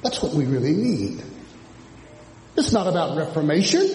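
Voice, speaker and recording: A man preaching a sermon, dropping low and then rising to shouts as he mimics churchgoers. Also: very animated, moderate pace, long pauses, a little hiss or hum. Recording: echoey hall from a distance.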